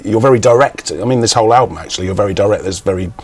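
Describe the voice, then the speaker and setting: A man with a fairly low voice asks questions hesitantly, full of fillers and quick laughs. Faint music plays underneath. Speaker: interviewer. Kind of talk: interview questions.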